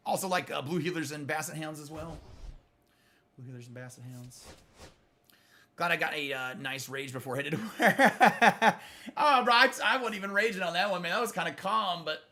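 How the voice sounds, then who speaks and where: A middle-aged man hosts a live gaming stream, chatting close to his mic with viewers he calls brother and getting blunt and profane when trolls pop up. His voice runs on the high side, brisk, pushed and bright.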